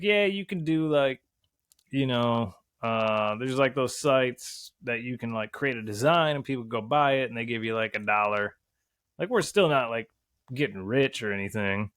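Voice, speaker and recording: A man's voice: mid-range voice, a bit bright, no room sound, clean studio sound. A man talking as a podcast guest in a casual chat, rambling and swearing a lot, often slipping into voices to act out quotes. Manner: rambling and heavily profane; acts out quotes in a voice.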